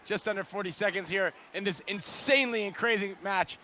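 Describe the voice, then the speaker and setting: A man's voice: high voice, brisk, bright, forceful tone. A man doing live paintball commentary, chatty and joking with his co-host.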